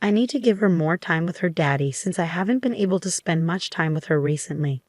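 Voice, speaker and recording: A woman's voice: fairly low pitch, expressive, a little fast, a little mellow, no room sound, clean studio sound. A woman voicing a selfish, deceitful husband in an offhand, casual way within a spoken story.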